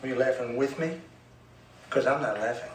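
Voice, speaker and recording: A man's voice: medium pitch, normal speed, a little hiss or hum, close to an everyday voice. An actor playing a hostile, volatile man in group therapy who taunts and picks fights, heard as film audio. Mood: belligerent. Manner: taunting, confrontational. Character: hostile volatile male anger-management patient. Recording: echoey distant film audio.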